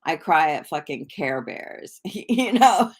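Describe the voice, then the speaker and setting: A woman hosting a relaxed livestream from home, talking to her viewers in a loose, rambling way. Her voice is on the low side, and she speaks slowly with plenty of fillers. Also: breathy edge. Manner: rambling and chatty, full of fillers; talks to viewers in the chat. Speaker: livestream host and tarot reader. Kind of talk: casual live-stream chat.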